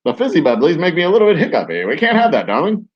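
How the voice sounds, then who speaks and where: Man doing a high-pitched, fussy 1920s gentleman with a grand, airy drawl. Dull lo-fi sound. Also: wildly swooping pitch, very fast, husky, full character voice. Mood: prim.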